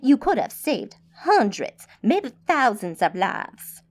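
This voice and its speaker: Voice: medium pitch, sing-song, takes it slowly. A woman playing a contemptuous, accusing mage. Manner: accusing, disgusted.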